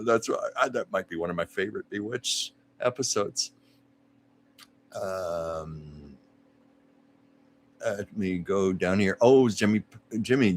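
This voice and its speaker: A man's voice: lowish voice, slight background noise. Chatty male livestream host. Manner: chatty, nostalgic, laughs often. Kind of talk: casual chat reading viewer comments.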